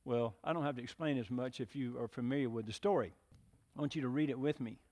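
A pastor preaches a conversational sermon in a church sanctuary, often asking the congregation questions. His medium-pitched voice is fast and a little mellow, carried by a long hall reverb.

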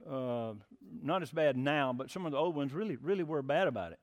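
A man's voice: medium pitch, animated, fairly quick. A man preaching a sermon in a folksy, plainspoken storytelling way. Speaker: pastor.

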